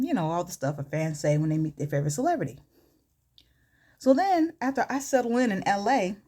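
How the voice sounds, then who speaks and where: A beauty vlogger, a woman, tells a story in a casual, chatty way. Her pitch rises and dips a lot as she quotes people. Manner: animated, chatty, lots of quoting.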